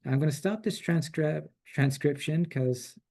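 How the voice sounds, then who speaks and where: A man presenting a software tool in a relaxed, chatty way, with frequent fillers and restarts. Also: on the high side, normal speed. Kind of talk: casual software demo.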